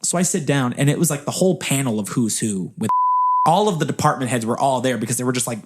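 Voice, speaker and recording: A man's voice: medium pitch, animated, quick pace, slightly rough. A man in his thirties from Seattle, hosting a podcast and telling a story in a casual, profane, slangy way. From Seattle, USA. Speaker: podcast host.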